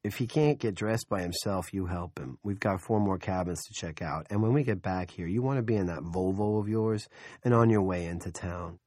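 A man's voice: low voice, normal speed, a little mellow, dry recording, clean studio sound. A man voicing an impatient young male cop who lectures with exasperated profanity in an audiobook.

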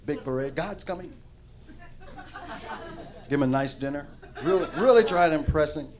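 A man doing stand-up comedy on stage before a live audience, telling a profane, animated story into a handheld mic. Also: on the high side, quick pace.

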